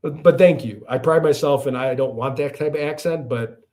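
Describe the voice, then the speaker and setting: A man's voice: mid-range voice, a little fast, a little mellow. A man in his thirties from the Chicago area with a Chicago accent, hosting a casual livestream and chatting back to viewer comments with frequent restarts. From Chicago area, USA. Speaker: livestream host.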